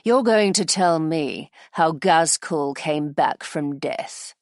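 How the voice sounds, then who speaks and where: A woman's voice: deep voice, expressive, slow, a little mellow, no echo, clean studio sound, full character voice. A woman voicing a hardened female interrogator who coaxes with acid sweetness. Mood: coaxing.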